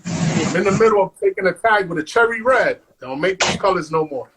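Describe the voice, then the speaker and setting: A man, a guest on an interview show, telling stories in an animated way, acting out quotes and saying "man" all the time. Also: high voice, fairly quick, background noise. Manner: animated, acts out quotes, says "man" constantly. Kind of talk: storytelling.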